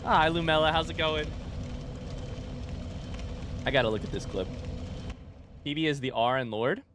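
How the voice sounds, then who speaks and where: Here a streamer with a highish voice and moderate pace narrates his live gameplay to himself and his chat, yelping and shouting at close calls. Clear music runs underneath, along with a little hiss or hum.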